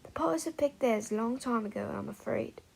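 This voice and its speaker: A woman's voice: a little high, fairly quick, gravelly, slightly rough, heavily acted. A woman voicing a spiteful old witch gossiping at a party. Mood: catty gossip. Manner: hushed, catty gossip.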